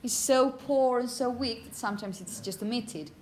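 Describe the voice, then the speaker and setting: A woman teaching phonetics to a class, saying example words slowly and often asking "okay?". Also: on the high side, darkish tone, slight background noise. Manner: repeats words slowly to model pronunciation; asks "okay?" often to check understanding. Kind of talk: classroom lecture.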